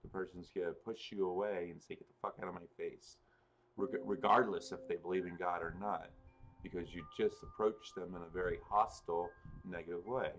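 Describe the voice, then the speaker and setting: A man's voice: sits low, fairly even intonation, a little fast, soft background music. A man hosting a casual spiritual livestream, rambling and correcting himself as he answers viewers in the chat. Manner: rambling, self-correcting, chuckles often. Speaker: livestream host and spiritual reader.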